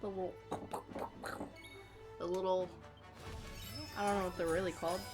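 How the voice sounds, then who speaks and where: A woman's voice: fairly low pitch, level tone, moderate pace. Rambling young woman streamer over game music. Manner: rambling, chatty, easily sidetracked. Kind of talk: casual gaming chat.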